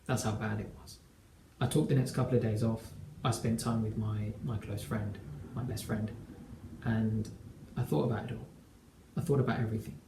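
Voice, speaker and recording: A man's voice: fairly low pitch, steady tone, normal speed, background noise. A man in his twenties, a relationship coach, telling a personal story to camera in an earnest, emphatic way. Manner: earnest and emphatic, acts out quoted dialogue. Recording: echoey room.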